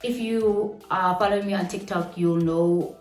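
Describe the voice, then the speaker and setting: A woman's voice: mid-range voice, normal speed. Chatty South African woman telling a story. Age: 20s. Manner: animated, chatty storytelling with slang and Setswana phrases mixed in. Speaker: vlogger. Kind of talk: storytime vlog. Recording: roomy room with faint music behind.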